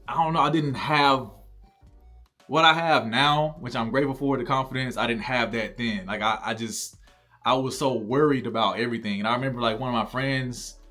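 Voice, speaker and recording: A man's voice: medium pitch, bright, forceful tone. Young man, reflective vlog storytelling, rambling, lots of "like", faint background music. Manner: rambling, reflective, heavy use of "like", restarts. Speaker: content creator. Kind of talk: candid personal storytelling.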